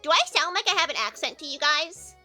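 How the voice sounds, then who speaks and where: Bright high-voiced Midwestern woman streamer. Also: lively intonation, a little fast, soft background music. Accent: Midwestern American. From American Midwest. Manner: chatty, answers viewer comments, many fillers. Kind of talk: casual live-stream chat.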